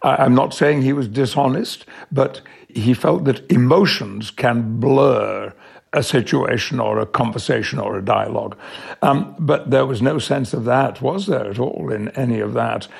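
An older man with an English accent, an actor answering interview questions in a measured, emphatic way. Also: mid-range voice, vocal fry, slightly rough. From England. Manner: measured, warmly emphatic, slows on key words. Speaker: guest, actor.

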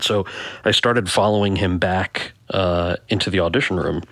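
A man's voice: sits low, steady tone, normal speed, a bit bright. A middle-aged male actor and author, earnestly recounting a past audition and reading passages from his own book, with frequent restarts. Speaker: actor and author, interview guest.

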